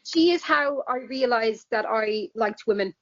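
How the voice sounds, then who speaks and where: Irish woman, high voice, candid and giggly podcast guest, muffled lo-fi sound. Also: unhurried. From Ireland. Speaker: guest musician. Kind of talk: casual podcast chat. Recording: dull lo-fi podcast audio.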